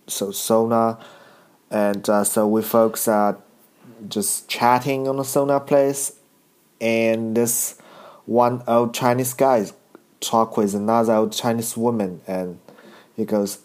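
A man doing a casual comedy monologue, halting, with broken grammar and many restarts. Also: on the low side, darkish tone. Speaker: stand-up comedian.

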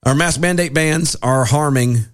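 A man co-hosting a casual political podcast, sarcastic and quick to laugh as he reads out quotes. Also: on the high side. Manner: sarcastic, animated, laughs easily. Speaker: podcast co-host.

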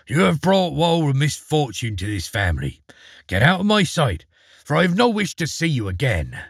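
A man's voice: a little high, huge pitch swings, normal speed, gravelly, husky, no room sound, studio quality, full character voice. A man voicing an angry, stern father in a storybook reading, speaking harshly. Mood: scolding. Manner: harsh, scolding. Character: angry stern father, ashamed of his son.

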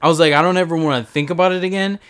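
A man's voice: fairly high pitch, rapid-fire, clean tone. A young man co-hosting a casual podcast, telling a work story with lots of swearing and acting out what people said. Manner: animated storytelling, re-enacting his own quotes, swearing. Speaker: podcast co-host. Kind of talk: casual chat.

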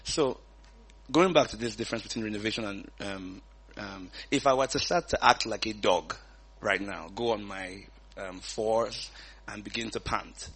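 A man and pastor teaching the Bible in a relaxed conversation, reading verses aloud and chuckling often. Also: on the low side, moderate pace, husky.

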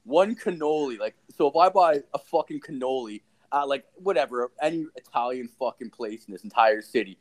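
Young guy host, swears nonstop, rambling animated anecdotes, mid-pitched. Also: fairly quick, few pauses. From Ontario, Canada. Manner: profane, rambling, animated storyteller. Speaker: podcast host. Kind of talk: casual storytelling chat.

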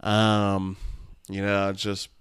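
A man's voice: on the low side, completely flat delivery, takes it slowly, fairly bright tone, clean tone, no room sound, clean studio sound. Rambling, profane man in his thirties. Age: 30s. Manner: rambling, profane and candid, with many restarts and laughs. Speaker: podcast host. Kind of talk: casual solo podcast chat.

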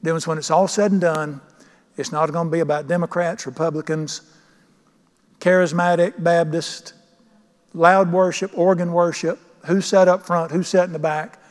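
A man's voice: fairly high pitch, fairly even intonation, normal speed. Man preaching in a reverberant church. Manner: emphatic, asks the congregation questions. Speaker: pastor. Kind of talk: sermon. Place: church sanctuary.

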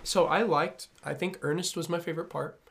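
A man's voice: on the high side, fairly even intonation, brisk, creaky, fairly bright tone. Chatty laughing man co-hosting a podcast. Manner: chatty, laughs often, trails off mid-sentence. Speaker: podcast co-host. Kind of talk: casual movie-review chat.

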